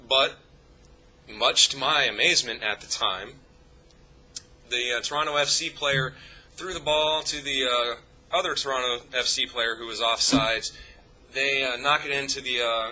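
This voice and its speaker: A man's voice: mid-range voice, unhurried, sharp tone, low-quality recording. A young man telling a rambling, profane story to his vlog audience, full of fillers and restarts. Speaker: YouTube vlogger. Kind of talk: casual anecdote told to camera.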